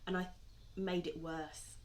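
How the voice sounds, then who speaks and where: A woman's voice: fairly low pitch, little pitch movement, unhurried. A woman, candidly sharing parenting stories and agreeing along in a podcast conversation. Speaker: mother and podcast co-talker. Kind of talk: casual podcast chat.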